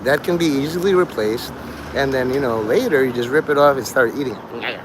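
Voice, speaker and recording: A man's voice: medium pitch, a little fast, background noise. A man rambling to his livestream chat, swearing, joking and laughing often.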